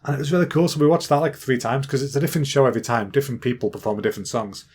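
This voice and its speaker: English man, 30s, podcast host; relaxed rambling storyteller, quick with jokes. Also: medium pitch, slightly rough. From England. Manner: rambling, chatty, jokey. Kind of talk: casual storytelling monologue.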